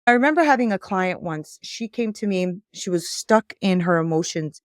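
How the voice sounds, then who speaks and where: A woman life coach as a podcast guest, telling stories in a lively way and acting out the dialogue. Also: on the low side, normal speed, no echo, studio quality. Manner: animated storytelling, acts out quoted dialogue. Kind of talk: conversational interview.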